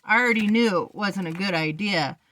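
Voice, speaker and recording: A woman reading a novel aloud in a steady, unhurried way. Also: mid-range voice. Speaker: reader.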